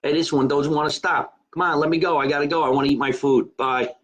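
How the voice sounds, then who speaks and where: Husky-voiced chatty male host. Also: fairly high pitch, steady tone, fast, a bit bright, poor audio. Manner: chatty, rambling, joking about being Italian. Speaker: host of his own live show. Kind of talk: casual live-stream chat. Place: his home.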